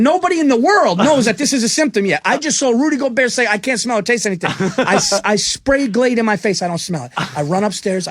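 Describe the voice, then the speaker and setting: A man, a comedian guest on a radio show, telling a story with lots of laughter and excitement. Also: sits high, dry recording. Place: radio studio. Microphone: studio microphone.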